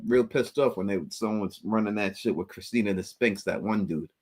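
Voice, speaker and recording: A man hosting a casual call-in livestream, animated and quick to laugh, often tripping over his words. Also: on the low side. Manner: animated, laughs often, stammers through restarts. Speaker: livestream host.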